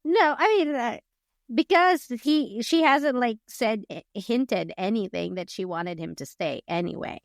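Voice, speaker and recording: A woman's voice: on the high side, measured pace, creaky, dry recording, clean studio sound. A woman co-hosting a podcast, chatting casually about a book, rambling with lots of fillers and acting out characters' lines. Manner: rambling, filler-heavy retelling; acts out characters' lines in quotes. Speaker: podcast co-host. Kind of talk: casual book review chat.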